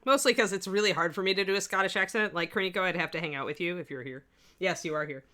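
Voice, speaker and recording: A woman hosts a hobby livestream in a lower than usual voice with a bright, forceful edge. She talks in loose, rambling chat and laughs often. She answers her chat messages as they come in. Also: rapid-fire. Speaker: livestream host.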